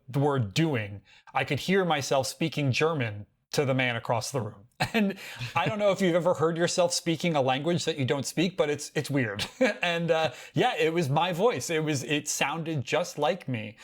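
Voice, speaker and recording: Animated American man co-hosting a podcast. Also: on the high side, moderate pace. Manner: animated storytelling with frequent restarts. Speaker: podcast co-host. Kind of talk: casual tech podcast chat.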